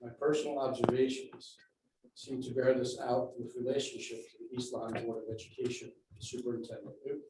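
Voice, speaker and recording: A man giving a measured public comment at a school board meeting, laying out facts and figures. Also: mid-range voice, little pitch movement, warm tone. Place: large meeting room. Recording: very echoey room, distant mic, faint noise.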